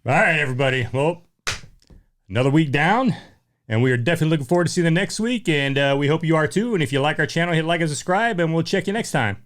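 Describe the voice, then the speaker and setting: Fast-talking casual male host. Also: on the high side, lively intonation. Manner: fast, laid-back, says "man" a lot. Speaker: podcast host. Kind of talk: casual chat.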